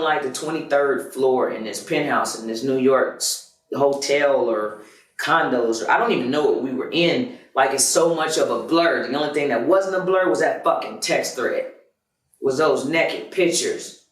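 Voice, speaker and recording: A man hosting a podcast, telling a personal story in a loud, emphatic and profane way. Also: mid-range voice, unhurried. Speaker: podcast host. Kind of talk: confessional storytelling monologue. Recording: roomy, distant mic.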